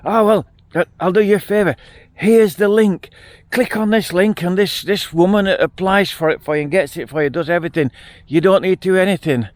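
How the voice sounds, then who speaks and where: A man's voice: high-pitched, a little fast, no room sound, pitched above the performer's own voice, close to an everyday voice. A pushy male scammer coaxes and insists in a raised, wheedling voice, as a man puts him on. He has the eager, insistent patter of someone selling a too-good deal. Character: pushy male scammer posing as an old friend.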